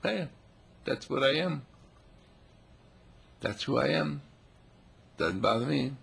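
A man giving a playful, animated spiritual talk, now and then putting on animal voices. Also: mid-range voice, slow pace. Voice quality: gravelly, husky.

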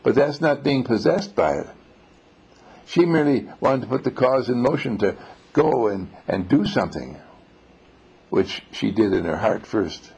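Gravelly, husky male spiritual teacher. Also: on the low side, darkish tone, poor audio. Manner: storytelling with rhetorical questions. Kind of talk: teaching a small class.

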